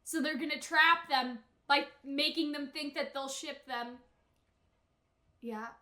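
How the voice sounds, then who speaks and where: A woman's voice: sits high, takes it slowly, reverberant. A young woman YouTuber reacting to an anime episode, shrieking and gasping at the screen, then rambling casually with lots of "like". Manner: loud gasping outbursts while watching, then chatty rambling with many "like"s. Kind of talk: casual reaction and rant to camera.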